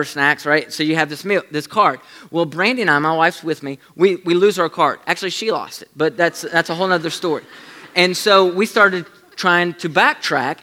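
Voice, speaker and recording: A man preaching a sermon, telling a story in an animated way and dropping to a hush for emphasis. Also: a little high. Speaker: pastor.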